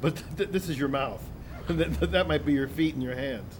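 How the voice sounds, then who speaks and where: A man leads a singing masterclass, explaining things in a somewhat high voice and tripping over his own restarts. A steady noise runs under the whole recording. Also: moderate pace. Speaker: vocal coach. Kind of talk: masterclass coaching. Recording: noisy room recording.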